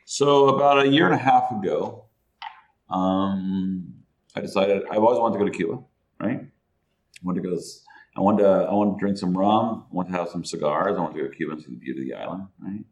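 Brief: deep-voiced male guest, loose profane storyteller, laughs through the telling. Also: brisk. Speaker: guest, entrepreneur. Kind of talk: casual storytelling.

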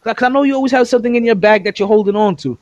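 A man's voice: sits high, very fast, a little mellow, no room sound. A man hosting a casual sports podcast, laughing often and rambling, recorded on his phone. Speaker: podcast host.

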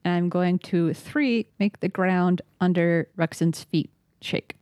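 A woman's voice: fairly low pitch, slow pace, a little mellow, no echo, studio quality. A woman playing a tabletop game, talking playfully and laughing often. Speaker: player.

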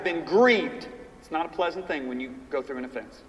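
A man in his fifties teaching a class in a sermon style, telling personal stories and reading scripture slowly and emphatically. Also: a little high. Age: 50s. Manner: animated storytelling, reads scripture slowly and emphatically. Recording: echoey hall from far off, faint ambience.

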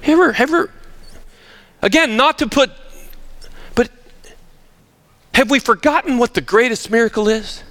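Energetic male pastor, bright, forceful voice, animated sermon delivery, prone to restarts. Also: very high-pitched, normal speed, pauses often. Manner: emphatic, animated, with frequent restarts. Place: church sanctuary.

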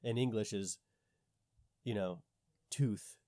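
A man talking casually with a low, mellow, darkish voice. He questions things skeptically and thinks out loud, restarting his sentences. The sound is dry and close. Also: moderate pace, no echo. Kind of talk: casual conversation.

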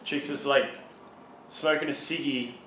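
A man's voice: medium pitch, fairly even intonation, unhurried, a bit bright, slight background noise. Rambling young Australian man, roomy sound. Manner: rambling storyteller, swears freely, laconic. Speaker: podcast co-host. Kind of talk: casual chat.

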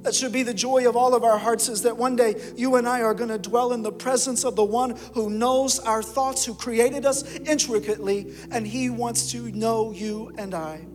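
High-voiced male pastor preaching in a reverberant hall. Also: fairly even intonation, normal speed, few pauses. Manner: impassioned preaching, swinging from loud to hushed. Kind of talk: sermon. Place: church sanctuary. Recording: long hall reverb with music behind.

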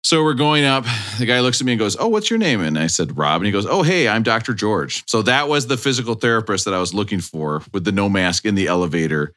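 A man's voice: on the low side, fast talker, hardly any pauses. A man hosting a podcast, telling a story in casual chat and acting out what people said to him. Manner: animated, acts out quotes from people in his stories. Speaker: podcast host.

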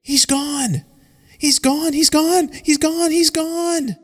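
A man doing a high, breathless young warrior girl. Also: fairly even intonation, slow, long reverb tail. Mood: panicked. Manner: shaky, stammering, out of breath. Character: young female warrior trainee, panicky, breathless.

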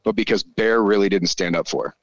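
A man, probably in his forties, telling a story in a casual chat, animated and full of swearing. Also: fairly low pitch, a little fast, no room sound, muffled recording. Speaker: podcast guest.

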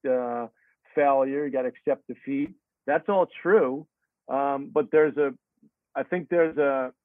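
A man's voice: mid-range voice, no echo. Middle-aged man, tennis coach, earnest and rambling, tinny phone-like sound, dry. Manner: earnest, reflective, rambling with restarts. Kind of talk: interview answer.

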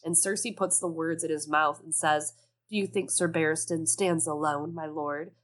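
A woman co-hosting a casual book discussion podcast, animated and sarcastic, swearing freely. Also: sits low, moderate pace. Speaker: podcast co-host.

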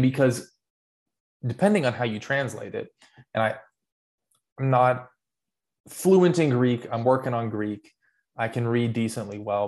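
Co-host, male, mid-pitched: earnest long-winded explainer in casual discussion. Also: a little mellow. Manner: earnest, rambling explanations with restarts. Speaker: podcast co-host.

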